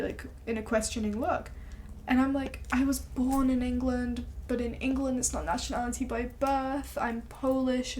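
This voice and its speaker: Young streamer lady ranting about her day, high pitched, cusses freely, does the voices of people she quotes. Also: slight background noise. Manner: animated, swears freely, acts out quotes. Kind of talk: casual storytelling chat.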